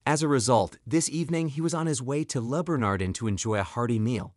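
A man's voice: mid-range voice, fast talker, darkish tone, no echo. Man narrating a story, dry sound.

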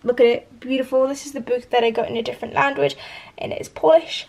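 A woman's voice: fairly high pitch, fairly even intonation, quick pace, creaky, a little mellow. A woman chatting in a bubbly, rambling way as a book vlogger. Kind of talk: chatty vlog.

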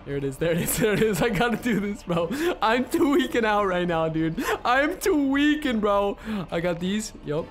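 A young man giving excitable gameplay commentary as a YouTuber, dropping to mutters and bursting into shouts. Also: high-pitched, moderate pace, faint music behind. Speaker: gaming YouTuber.

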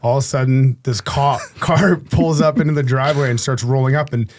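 A man with a middle-pitched voice guests on a podcast as a former hockey player. He tells an anecdote in a relaxed, rambling way, full of fillers and asides. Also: fairly quick, slight background noise. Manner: rambling storyteller, many fillers like "you know". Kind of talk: casual anecdote telling.

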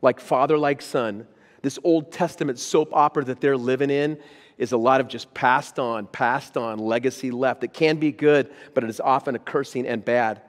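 A man's voice: medium pitch, fairly even intonation, normal speed, in a large hall. A man, a pastor, preaching a sermon, reading scripture with rising intensity and then speaking plainly to the congregation. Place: church auditorium.

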